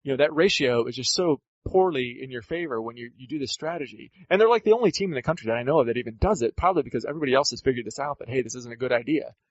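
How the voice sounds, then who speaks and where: A man's voice: mid-range voice, animated, rapid-fire, few pauses, no room sound. A man co-hosting a casual sports podcast, ranting and rambling in an exasperated way. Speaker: podcast co-host. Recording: dull lo-fi dry audio.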